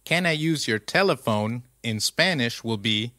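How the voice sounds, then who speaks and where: A man's voice: mid-range voice, lively intonation, moderate pace, few pauses, sharp tone, no echo, studio quality. A man narrating a scripted language lesson, posing quiz questions patiently and walking through each answer. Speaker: language teacher.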